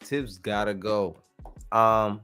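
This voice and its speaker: A man hosting a casual sports podcast, talking in an animated, slangy, joking way. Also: fairly low pitch, slow, smooth, soft background music. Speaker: podcast host.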